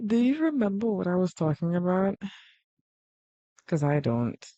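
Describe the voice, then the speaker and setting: A woman's voice: lowish voice, sing-song, unhurried, long pauses, warm tone, no echo. A young-sounding woman talks casually to her stream chat while she draws, swinging between rambling and exasperated outbursts. Her voice sits in a middle range. The sound is close and dry, a bit dull, like a cheap home mic. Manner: flustered, exasperated, self-deprecating. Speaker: art livestreamer.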